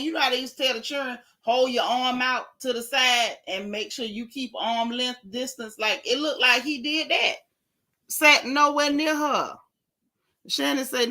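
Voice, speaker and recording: Sassy woman dishing gossip on her vlog, bright voice, kinda high, repeats stuff for emphasis. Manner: animated, sassy, emphatic repetitions. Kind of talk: casual chat.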